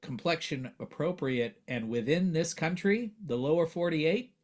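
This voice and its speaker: A man, a voiceover actor and coach, talking earnestly in a casual interview and growing animated as he makes his points. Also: fairly high pitch, measured pace. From United States.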